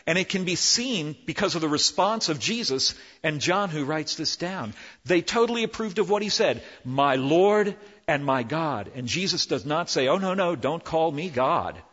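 A man preaching a sermon as pastor, animated, swinging between loud emphasis and hushed, slow lines. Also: fairly high pitch. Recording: dull lo-fi with long hall reverb.

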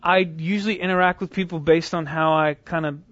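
A man giving an animated storytelling talk, higher voice. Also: brisk, dry recording. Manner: conversational, animated retelling with restarts. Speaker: speaker teaching evangelism. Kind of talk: storytelling lecture. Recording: dull lo-fi dry recording.

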